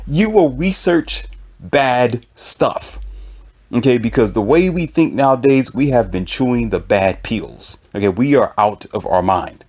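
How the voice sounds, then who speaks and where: Impassioned man with a lively, swinging voice. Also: medium pitch, moderate pace. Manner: emphatic, repetitive, preaching tone. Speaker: author and commentator. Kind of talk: impassioned opinion monologue.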